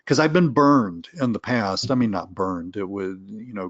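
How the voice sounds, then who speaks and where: A middle-aged man with a lowish voice hosts a casual live webinar Q and A, thinking aloud through rambling answers full of restarts and candid asides. The sound is dry and a little dull, like lo-fi webinar audio. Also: normal speed, fairly bright tone, no room sound. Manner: candid, self-aware asides. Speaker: webinar host answering viewer questions.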